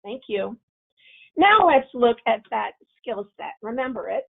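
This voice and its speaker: A woman with a slightly high, gravelly voice gives a parenting webinar, sometimes acting out angry self-talk before calmly explaining the steps. The sound is thin and tinny, like a phone line, as if heard over a video call. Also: unhurried. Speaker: webinar presenter. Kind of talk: webinar presentation.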